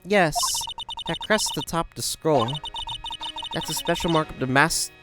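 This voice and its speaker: A woman's voice: low-pitched, moderate pace, over loud music, lightly acted. A woman voicing a playful young female spirit medium in a game, read aloud. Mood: somber. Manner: playful, teasing.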